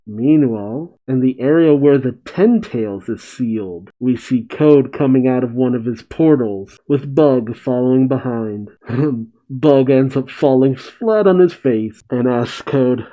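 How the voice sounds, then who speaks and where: Man with a very dark, mellow voice. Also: medium pitch, poor audio. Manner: plain, steady reading broken by quick amused asides. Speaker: manga reaction reader. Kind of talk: reading a manga chapter aloud with commentary.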